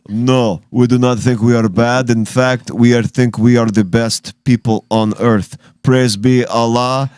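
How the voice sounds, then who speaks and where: A man doing a male militant fighter, boastful and threatening, in a heavy put-on foreign accent. He drags out each line with mock solemnity. The voice is smooth and dry, with no room around it. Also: mid-range voice, fairly even intonation, slow pace, a little mellow, dry recording, natural voice. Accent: put-on thick foreign accent.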